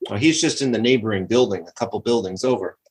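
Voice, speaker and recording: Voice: mid-range voice, fast. A player speaking in character at a tabletop game, chatty and playful. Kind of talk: in-character role-play.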